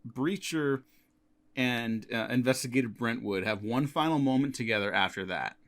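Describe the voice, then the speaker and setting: A man co-hosting a casual film podcast, retelling scenes in a relaxed, gleeful way. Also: mid-range voice, normal speed. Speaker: podcast co-host.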